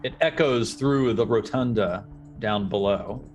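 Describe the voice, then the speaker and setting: A man running a tabletop game as dungeon master, narrating in a relaxed way with fillers. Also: fairly low pitch, a little slow, soft background music.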